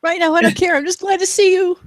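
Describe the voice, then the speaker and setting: A woman player in a tabletop game, talking excitedly in character. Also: extremely high pitch, fast, dry recording. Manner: excitable, expressive in-character talk.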